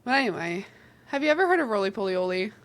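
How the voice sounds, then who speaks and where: A woman's voice: medium pitch, big pitch swings, very fast, noisy background. A young woman with a New Jersey accent, co-hosting a podcast in casual chat. She is chatty and giggly, and she acts out the dialogue she quotes. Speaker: podcast co-host.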